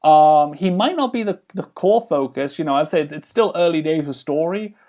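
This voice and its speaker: A man's voice: on the high side, animated, normal speed, a little mellow. A man talking casually in a podcast conversation, rambling with lots of fillers and restarts as he explains his game project. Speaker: game developer guest.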